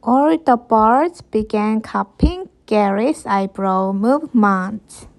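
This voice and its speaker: A woman, a teacher reading an English picture book aloud to children, slowly and clearly. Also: a little high. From Korea. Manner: slow, clear and expressive.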